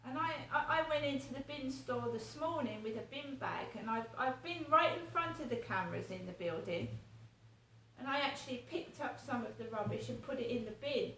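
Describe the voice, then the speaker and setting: A woman's voice: high voice, animated, moderate pace, a bit bright, a little hiss or hum. A woman vlogging in a rambling, indignant monologue, swearing as she talks. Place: home flat. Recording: roomy echo, distant from mic.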